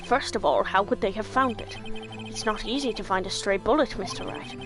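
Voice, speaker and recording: A woman voicing a proud young male prosecutor in a game read-aloud, low and measured. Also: over music, close to an everyday voice. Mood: smug.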